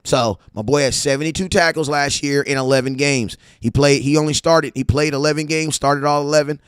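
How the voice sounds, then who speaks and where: A man hosting a casual sports fan show, talking in an animated, slangy way with stories and asides. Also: on the high side, brisk, clear, resonant tone, dry recording, clean studio sound. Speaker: sports podcast host.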